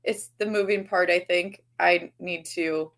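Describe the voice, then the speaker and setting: Woman co-host, chatty and upbeat, kinda low voice, talking over a video call. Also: fairly even intonation, a little slow, fairly bright tone. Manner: rambling, upbeat, laughs at herself. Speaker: podcast co-host. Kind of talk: casual chat.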